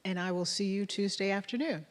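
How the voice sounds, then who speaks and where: A woman's voice: medium pitch, fairly quick, noisy background. A woman college president giving closing remarks at a graduation ceremony, effusive and emotional as she addresses a large crowd from a podium microphone. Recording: long hall reverb.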